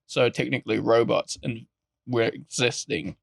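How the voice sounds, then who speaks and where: A young man co-hosting a podcast in casual chat, joking and rambling through silly deadpan banter. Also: medium pitch, normal speed, vocal fry, husky, dry recording, studio quality. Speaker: podcast co-host.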